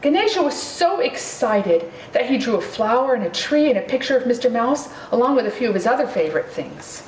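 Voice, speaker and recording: A woman reading a children's picture book aloud in a slow, expressive storytelling manner. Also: on the high side, slight background noise. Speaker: reader. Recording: roomy, distant mic, faint ambience.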